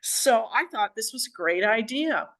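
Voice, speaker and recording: Older woman telling a story, animated and chatty. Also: fairly high pitch, unhurried. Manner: animated, chatty, acts out what people said. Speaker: author and guest speaker. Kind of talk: conversational storytelling talk. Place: at home.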